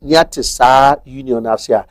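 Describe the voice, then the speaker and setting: A man's voice: mid-range voice, steady tone, fairly quick, dry recording. Methodical Ghanaian man explaining law. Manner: methodical, switches between Twi and English. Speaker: guest explaining marriage law. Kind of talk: explanatory TV talk-show discussion.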